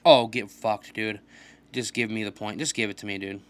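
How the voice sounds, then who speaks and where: A young man giving casual commentary while playing a video game, swearing often and trash-talking opponents in an excitable way. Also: lowish voice, moderate pace. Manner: profane, excitable trash talk. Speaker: gaming channel host.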